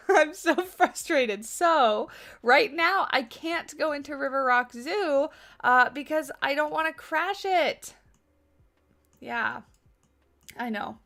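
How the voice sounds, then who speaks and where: A woman's voice: sits high, lively intonation, slow, long pauses, pushed and bright. A woman hosting a game livestream, chatting casually with her viewers, answering their questions and laughing often. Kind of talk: casual livestream chat while building in a game.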